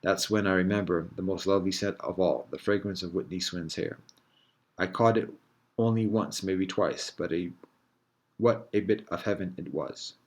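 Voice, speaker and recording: A man reads his own first-person literary story aloud. He reads in a measured, reflective way with soft pauses. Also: deep voice. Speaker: author reading his story.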